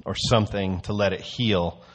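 A man with a somewhat low voice leads a casual church talk. He speaks in a loose, conversational way and eases into his teaching through a story. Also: fairly even intonation, normal speed. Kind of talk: casual sermon.

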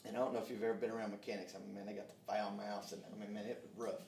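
A man preaching a sermon, fervent, calling out amen and dropping to hushed tones. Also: on the low side, little pitch movement, very fast, a little hiss or hum. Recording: echoey room, mic far off.

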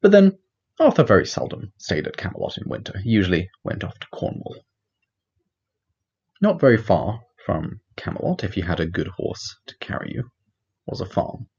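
A man's voice: sits low, huge pitch swings, normal speed, gravelly, darkish tone, breathy edge, dull audio, full character voice. A man voicing an old male wizard narrator in a put-on Welsh accent, with a lingering, sing-song storybook delivery. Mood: storytelling.

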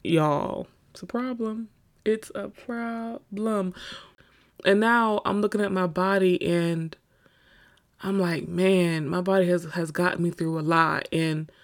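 A woman hosting a podcast, talking candidly and casually about her own struggles, often laughing as she speaks to her listeners. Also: sits low. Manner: candid, laughs through hard topics. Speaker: podcast host. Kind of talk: personal confessional monologue.

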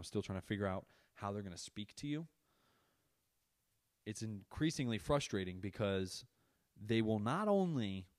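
A man's voice: on the low side, darkish tone, no room sound, studio quality. A man hosting a podcast, talking casually about being a parent and ranting in an exasperated, profane way. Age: adult parent. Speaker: podcast host. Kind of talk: casual monologue.

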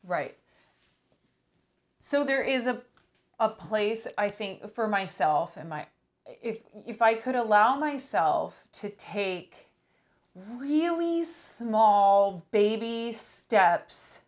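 A woman's voice: medium pitch, expressive, extremely slow. A woman who counsels couples, talking reflectively with her partner and thinking aloud. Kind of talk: casual couple's conversation.

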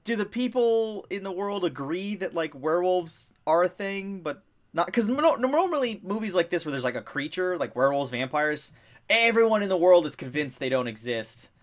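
A young man chatting casually as a podcast co-host, rambling with lots of fillers, getting excited and swearing freely. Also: high-pitched, normal speed. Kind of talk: casual chat.

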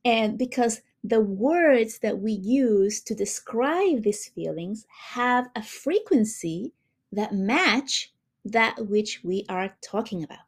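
A woman hosting a spiritual healing talk, speaking gently and addressing her listeners warmly. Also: fairly high pitch, expressive, husky. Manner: slow, soothing, warm-hearted, addresses listeners as beautiful souls.

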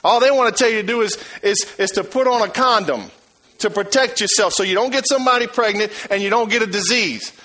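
High bright preacher guy, emphatic sermon, repeats himself, gets loud then goes quiet. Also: fast, poor audio. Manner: emphatic, repetitive, swings from loud to hushed.

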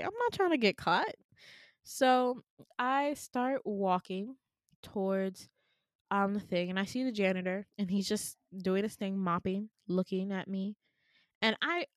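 A woman's voice: mid-range voice, no echo, studio quality. Chatty young woman telling a dream. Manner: chatty, laughs often, swears casually, acts out quoted voices. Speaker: podcast co-host. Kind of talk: casual storytelling of a dream.

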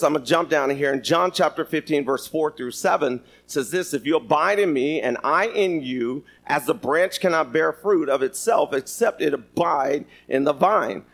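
A man's voice: on the high side, vocal fry, a bit bright. A man preaching a sermon, reading scripture and joking with the congregation. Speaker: pastor. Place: church sanctuary.

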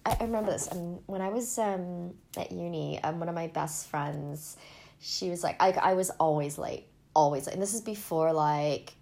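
A woman's voice: fairly low pitch, moderate pace, gravelly, dark tone, a little hiss or hum. A woman in casual chat, talking freely and often laughing as she acts out things her younger self would say.

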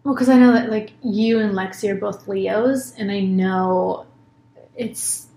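A woman's voice: mid-range voice, steady tone, unhurried, vocal fry, dark tone, roomy sound, a little hiss or hum. A woman in her thirties talking casually and openly as a co-host, swearing freely and acting out her own words. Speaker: podcast co-host, mother. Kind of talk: casual conversation.

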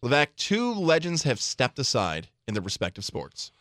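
A man co-hosting sports talk radio, energetic and emphatic in quick banter on a studio microphone. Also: medium pitch, no echo.

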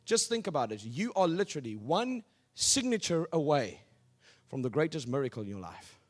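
A male pastor preaching a sermon, swinging from loud declarations to hushed asides and leading the congregation in call-and-response. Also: fairly high pitch, big pitch swings, normal speed.

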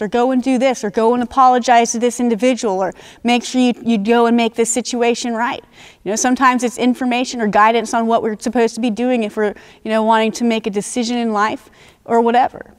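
A woman with a fairly high voice preaches a sermon. She talks in an earnest teaching way and slows down to stress the phrases that matter most.

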